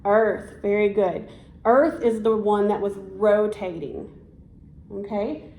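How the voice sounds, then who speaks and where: A woman's voice: mid-range voice, steady tone, takes it slowly, vocal fry, dark tone. Woman, teacher, encouraging, repeat-after-me prompts, echoey room. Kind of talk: one-on-one classroom instruction.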